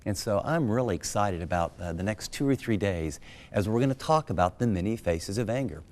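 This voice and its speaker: A man's voice: lowish voice, lively intonation, brisk, darkish tone. A middle-aged man, a pastor, giving an earnest, conversational sermon-style talk, acting out everyday examples as he teaches.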